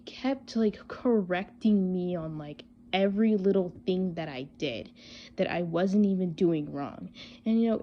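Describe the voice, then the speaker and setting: A woman's voice: lowish voice, mellow, dull audio, slight background noise. A woman telling a casual storytime vlog, rambling and exasperated, full of fillers. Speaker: vlogger.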